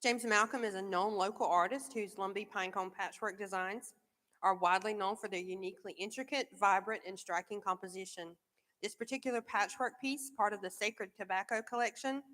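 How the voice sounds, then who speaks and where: A woman presenting an artwork at an auction in a measured, descriptive way. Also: medium pitch, fairly even intonation, a bit bright. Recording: reverberant event hall.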